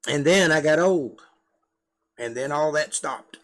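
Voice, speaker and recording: In no hurry, a middle-aged man with a fairly high-pitched voice and a Georgia Southern drawl chats casually to camera. The live-stream host and musician rambles along, often making fun of himself.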